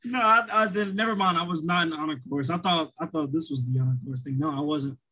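A man's voice: fairly high pitch, quick pace, bright, forceful tone, low-quality recording. A young man co-hosting a podcast in casual chat, rambling and self-deprecating with lots of restarts and fillers. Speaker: podcast co-host.

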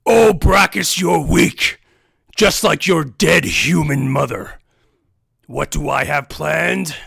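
A booming, contemptuous orc warlord rants about power and conquest, as a man puts him on. The voice is gravelly and loud, pushed well above a speaking level. Dry, close sound. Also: slow pace, dry recording, full character voice. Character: huge menacing orc warlord, power-hungry brother.

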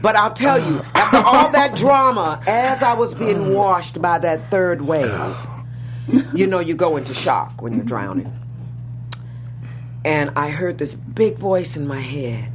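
A woman guest telling stories in conversation, profane and animated, dropping to low murmurs and rising to loud exclaims. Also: a little slow, noisy background. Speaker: interview guest. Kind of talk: storytelling in conversation.

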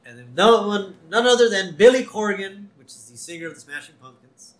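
A man co-hosting a podcast, casually recapping a cartoon episode and quoting its lines with quick laughs. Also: high-pitched. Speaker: podcast co-host. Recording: roomy echo.

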